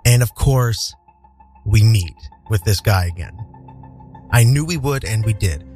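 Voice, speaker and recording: A man hosting a radio show, telling a personal story in a candid, profane, animated way. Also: on the low side, a little slow, soft background music. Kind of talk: storytelling monologue. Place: radio studio.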